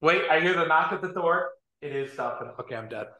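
A man co-hosting a podcast in casual sports chat, animated, joking and emphatic. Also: fairly high pitch, a little fast. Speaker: podcast co-host. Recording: roomy echo.

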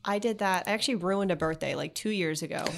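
A woman's voice: fairly low pitch, gravelly, a little hiss or hum. Woman, 30s, bubbly food blogger guest, chatty, filler-heavy, close studio mic. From Florida. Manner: bubbly, quick storytelling with many fillers. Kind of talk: casual podcast chat. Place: podcast studio.

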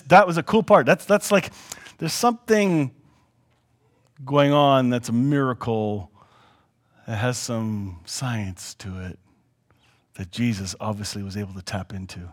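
A man teaching a Bible lesson, reading the scripture aloud and breaking off for chatty, joking asides. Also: mid-range voice. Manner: animated, chatty, jokey storyteller.

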